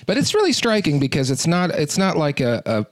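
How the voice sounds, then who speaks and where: A man's voice: on the high side, wildly swooping pitch, brisk. A man in a casual book discussion who speaks thoughtfully and articulately. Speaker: book club participant.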